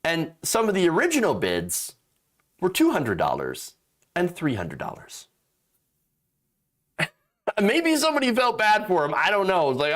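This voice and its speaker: A man's voice: sits high, wildly swooping pitch, measured pace, pauses often, a bit bright. A man hosting a political commentary show, sarcastic and exasperated, mocking what he reads and swearing freely.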